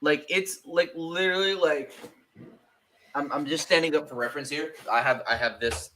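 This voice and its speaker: A man co-hosts a casual podcast in a bright, sharp voice. He jokes around and talks playfully, dropping plenty of fillers along the way. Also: on the high side, normal speed, slight background noise, rough recording. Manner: playful and jokey, lots of "like". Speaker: podcast co-host. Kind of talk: casual fan discussion.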